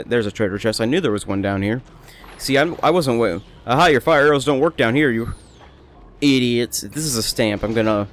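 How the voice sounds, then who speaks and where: A man's voice: medium pitch, normal speed, a little hiss or hum. A young man rambling chattily through casual gameplay commentary as a let's play host. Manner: rambling, chatty, self-amused.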